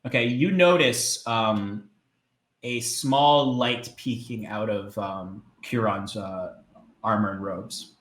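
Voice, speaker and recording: A man narrating as game master of a tabletop game, describing scenes hesitantly with many filler pauses. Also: fairly low pitch, fairly bright tone, reverberant.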